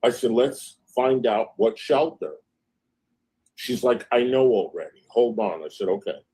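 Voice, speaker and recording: Husky-voiced man, chatty livestream host. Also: medium pitch, expressive, measured pace, mellow, rough recording. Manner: reads out text messages in a chatty gossipy retelling; frequent fillers, "I said, she goes" storytelling. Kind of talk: casual livestream chat.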